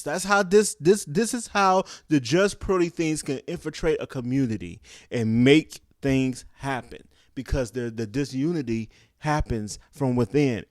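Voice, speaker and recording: A man's voice: medium pitch, no room sound, clean studio sound. A young man giving a passionate, preachy opinion commentary, often asking "guess what?" to drive his point home. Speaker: commentary vlogger.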